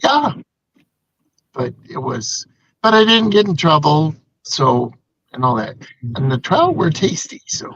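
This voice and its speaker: A man's voice: fairly high pitch, very animated, measured pace, pauses often, a bit bright, breathy edge, no echo, dull audio. An older man co-hosting a casual live show, rambling through stories and reading out viewer comments. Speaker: co-host. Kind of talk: casual live-stream chat.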